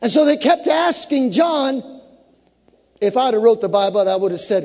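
A high-voiced man preaches a sermon that echoes through a long hall reverb, rising to fervent shouts and dipping into joking asides to the congregation. His intonation is lively and his pace moderate.

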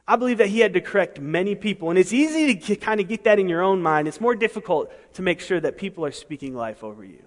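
Male pastor, higher register, emphatic sermon delivery with rhetorical asides; long reverb of a large hall. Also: animated, fast talker, hardly any pauses. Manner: emphatic, rhetorical questions, swings between soft and loud.

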